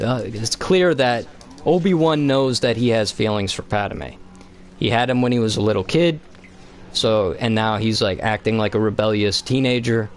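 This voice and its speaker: A man's voice: on the low side, normal speed. Sex: man. Role: game streamer. Style: casual live-stream chat. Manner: rambling, profane. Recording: home basement with a faint hum of ambience. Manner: rambling, profane, animated retelling.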